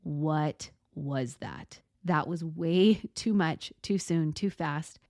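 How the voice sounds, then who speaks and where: A woman's voice: low voice, slow, a little mellow, no room sound. A woman voicing her own overworked body as a blunt, exasperated character, in a dry room.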